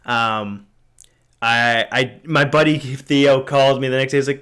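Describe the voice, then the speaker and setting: A man's voice: medium pitch, steady tone, measured pace, a bit bright, clear, resonant tone. A man in his twenties hosting a podcast, telling a story in a casual, rambling way, with frequent swearing, fillers and restarts. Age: 20s. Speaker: podcast host.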